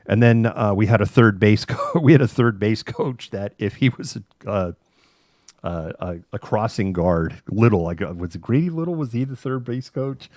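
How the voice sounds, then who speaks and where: A middle-aged man hosting a casual talk show, telling a long anecdote in an animated way, laughing between phrases and using many fillers. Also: fairly low pitch, normal speed, dry recording, clean studio sound. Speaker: host. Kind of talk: casual chat, anecdotal storytelling.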